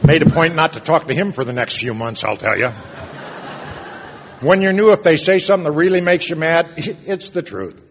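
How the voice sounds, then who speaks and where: A man sharing a personal recovery story at a meeting, earnest, moving between loud and hushed moments. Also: a little high, moderate pace, slight background noise. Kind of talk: personal testimony talk. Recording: long reverb of a hall.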